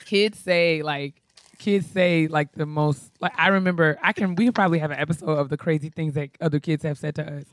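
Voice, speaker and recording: A woman's voice: low voice, fairly quick, no room sound, studio quality. A woman co-hosting a podcast, telling stories animatedly with frequent laughter. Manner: animated storyteller, laughing often. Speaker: podcast co-host. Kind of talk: casual chat.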